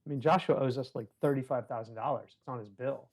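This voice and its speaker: A man of medium pitch chats as a guest on a conversation podcast and tells long personal stories. His talk is loose and full of "you know" and restarts. He acts out the voices of the people in his stories and throws in dry, self-mocking jokes. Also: fairly even intonation, quick pace, a loud crowd. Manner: chatty, many "you know" fillers, acts out quoted voices; wry, self-deprecating humor. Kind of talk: casual conversational storytelling.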